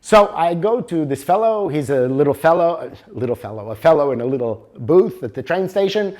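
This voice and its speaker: A middle-aged man from Canada presenting a motivational workshop, telling a story in a lively way and acting out the dialogue. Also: a little high, fairly quick. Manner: animated storyteller, acts out dialogue.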